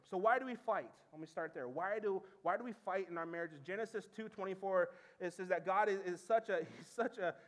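A man in his thirties preaching as pastor, telling stories with animation and dropping low and soft for serious points. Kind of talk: sermon.

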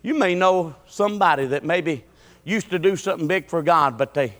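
A man preaches a sermon, his voice high and bright. He swings between loud shouts and hushed, low talk. The church sanctuary gives a long trailing reverb. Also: normal speed. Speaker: pastor.

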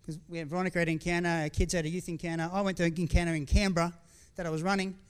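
A man's voice: fairly high pitch, level tone, very fast, clear, resonant tone. A middle-aged man preaching a sermon as pastor, speaking candidly and conversationally with frequent restarts and asides. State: tearful at times.

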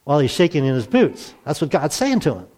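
This pastor's voice sits a little high and is slightly mellow, swinging widely in pitch as he talks at a quick pace. His sermon feels like a conversation, full of rhetorical questions and acted-out quotations.

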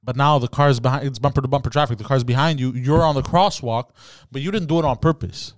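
Man, podcast co-host, crude storyteller, mid pitch, dry sound. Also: fast, no room sound. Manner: profane storytelling, yelling in quoted outbursts. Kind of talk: casual chat.

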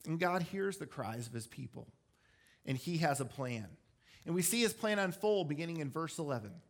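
A man's voice: a little high, lively intonation, normal speed. A male pastor preaching a sermon in a conversational, explanatory way, with self-deprecating asides.

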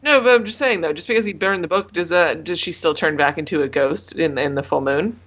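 High, bright-voiced man on dull audio. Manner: quick interjections, playful pushback. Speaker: podcast co-host. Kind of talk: casual chat. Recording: dull lo-fi sound.

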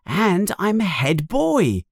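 A man reading a storybook aloud, voicing an excitable young schoolboy who gets a bit whiny. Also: high-pitched, drawn-out words, vocal fry, no room sound, studio quality, pitched above the performer's own voice, heavily acted. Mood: excited. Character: boastful young schoolboy, Harry's friend.

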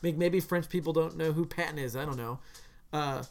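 A man co-hosting a podcast, talking casually about a film in long, animated runs full of "like.". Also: on the high side, a little fast. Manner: animated, slips into mock voices to quote characters; talks in long runs with many "like" fillers. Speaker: podcast co-host.

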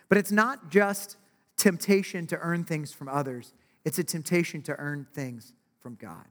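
Man, preacher, chatty sermon, slightly high voice, long reverb of a big hall. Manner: conversational, with frequent "right?" asides and acted-out quotes.

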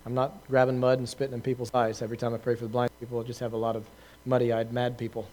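His delivery is rapid-fire and monotone, in a mellow, medium-pitched voice. As a preacher answering questions, he gives an informal story to a group, stumbling through fillers and restarts and laughing at himself.

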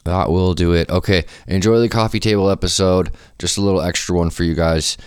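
Deep-voiced man telling profane stories. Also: fairly quick, clear, resonant tone, dry recording, clean studio sound. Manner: loose, profane, swings into animated quoted voices. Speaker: podcast host. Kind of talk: casual storytelling chat.

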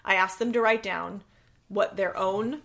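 A woman therapist in casual podcast conversation, expressive and blunt, acting out quotes and swearing casually. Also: medium pitch, measured pace, vocal fry.

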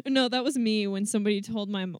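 A woman's voice: medium pitch, lively intonation, dry recording, clean studio sound. A woman co-hosting a casual book podcast who laughs easily, agrees often and reads passages aloud. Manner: quick to laugh, lots of agreeing backchannel. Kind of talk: casual book discussion with read-aloud quotes.

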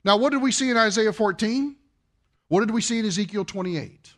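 Male pastor, sermon, animated delivery, rhetorical questions, acts out quotes. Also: sits high, fairly quick. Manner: asks the congregation many rhetorical questions; acts out quoted voices for effect.

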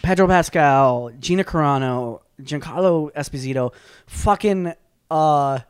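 A man co-hosting a casual podcast, talking fast in bursts and swearing freely as he gets excited. He restarts sentences often. His voice sits a little high, and the sound is dry and close. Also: smooth, dry recording. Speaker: podcast co-host. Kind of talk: casual chat.

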